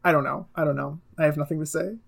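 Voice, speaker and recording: A woman's voice: low-pitched, fairly even intonation, fast, vocal fry. Hesitant woman cracking dry jokes. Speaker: podcast co-host. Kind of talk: casual comedic commentary.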